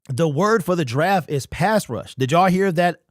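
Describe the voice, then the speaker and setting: A man's voice: a little high, dry recording, clean studio sound. A man hosting a casual fan live stream, greeting chat members by name in loose, slangy talk.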